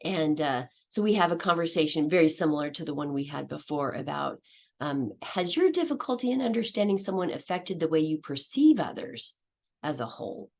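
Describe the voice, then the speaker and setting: A woman's voice: deep voice, lively intonation, a little fast, vocal fry, darkish tone. A woman giving a conference presentation on teaching, explaining step by step and acting out what her students say. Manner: explanatory, acts out student voices.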